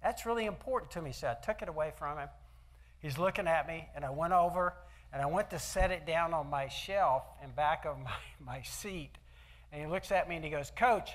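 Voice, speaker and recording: A man's voice: a little high, normal speed, fairly bright tone. Folksy older man telling stories. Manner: folksy, with rhetorical questions to the audience. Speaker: speaker at an event. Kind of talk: motivational talk with personal stories. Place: event hall.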